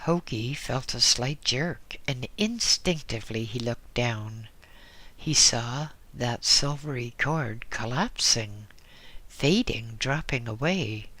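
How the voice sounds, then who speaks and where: A man reading an audiobook in a slow, measured way, dropping into soft whispers now and then. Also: medium pitch, expressive, no room sound. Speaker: audiobook reader. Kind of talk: scripted audiobook narration.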